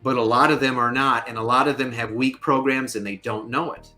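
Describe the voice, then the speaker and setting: A man's voice: medium pitch, fairly even intonation, brisk, sharp tone, soft background music. A man as a podcast guest, a fair lending consultant, explaining in an emphatic way with joking asides. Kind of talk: podcast interview.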